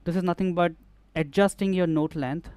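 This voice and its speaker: Male instructor, hands-on studio tutorial; smooth, dry close sound, talks while clicking through steps. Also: high voice, steady tone, normal speed, darkish tone, no room sound. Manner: explanatory, repeats and restarts phrases while demonstrating. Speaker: music production instructor.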